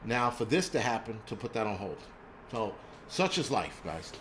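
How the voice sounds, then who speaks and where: A man's voice: lowish voice, big pitch swings, normal speed, a bit bright, slight background noise. A man from New York City hosting a prepping live stream, ranting angrily and bluntly with lots of swearing, restarts and stammers. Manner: angry, profane and blunt, with many restarts and stammers.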